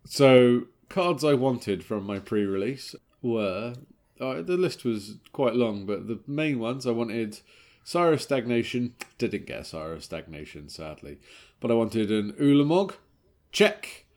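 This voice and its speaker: A man, co-hosting a podcast in casual chat, talking quickly and laughing often. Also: medium pitch, lively intonation, a little mellow. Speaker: podcast co-host.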